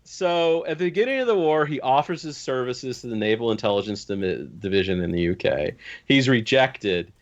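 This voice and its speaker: A man's voice: mid-range voice, expressive, normal speed, highs cut off. A man as a podcast guest, telling history in casual chat, incredulous and swearing casually. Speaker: podcast guest discussing tabletop game lore.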